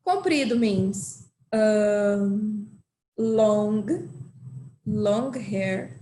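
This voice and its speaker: A woman teaching an online language lesson, explaining slowly and patiently with lots of repetition. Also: mid-range voice, warm tone, a little hiss or hum. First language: Portuguese. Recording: echoey room.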